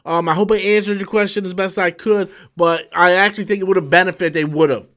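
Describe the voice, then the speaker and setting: A high-pitched man hosting a live stream, talking loosely and heatedly. He swears constantly and trips over his own restarts. His voice sits well above the usual male range. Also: steady tone, fast, a bit bright. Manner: profane, heated, swears often; many fillers and restarts, loose talk. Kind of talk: casual ranting live stream.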